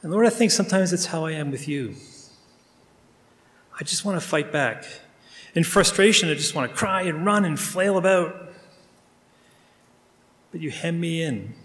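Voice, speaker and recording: Pastor, man, earnest spoken prayer, slightly high voice, long church reverb. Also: animated, normal speed, pauses often, fairly bright tone. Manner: earnest, intimate, addressing God directly. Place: church sanctuary. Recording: long reverb of a large room.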